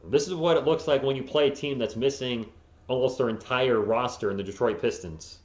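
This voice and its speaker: A man's voice: mid-range voice, a little fast. A man hosting a live fan stream, calling play-by-play and chatting casually with viewers between plays, often chuckling. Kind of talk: fan play-by-play commentary with chat replies. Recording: roomy, slightly dull home stream audio.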